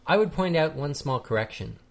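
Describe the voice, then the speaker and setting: A man's voice: a little high, animated, brisk, gravelly. Dry-witted Australian man reading mail. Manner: dry wit. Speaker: podcast co-host.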